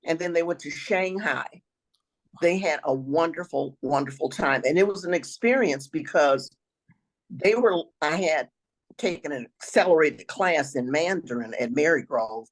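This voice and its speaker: An older woman with a raspy voice, a retired teacher telling travel stories as an interview guest, now and then clearing her throat. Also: deep voice, lively intonation, normal speed, low-quality recording. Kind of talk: storytelling interview answers.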